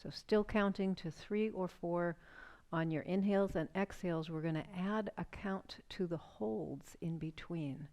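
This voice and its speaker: A woman with a slightly low voice guides a seated yoga breathing practice. She talks calmly and gently, inviting the listener to notice each breath. Her instructions come as soft, patient questions. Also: unhurried.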